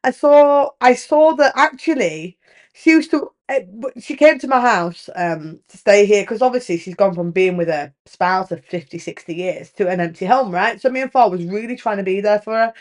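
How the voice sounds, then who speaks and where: A woman's voice: medium pitch, normal speed. A woman, hosting a podcast and talking frankly about her marriage, swearing freely and telling stories with lots of energy. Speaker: podcast host. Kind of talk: candid casual chat.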